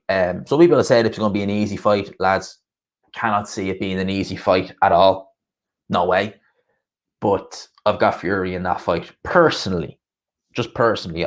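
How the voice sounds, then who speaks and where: A man chatting casually on his boxing livestream, rambling through viewer comments and laughing often. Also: lowish voice.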